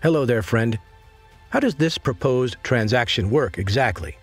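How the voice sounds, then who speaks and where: A man's voice: medium pitch, animated, moderate pace, slightly rough, faint music behind. A man doing a polite, guarded young warrior. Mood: measured. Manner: polite, turning cold and guarded. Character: polite but shrewd young male warrior.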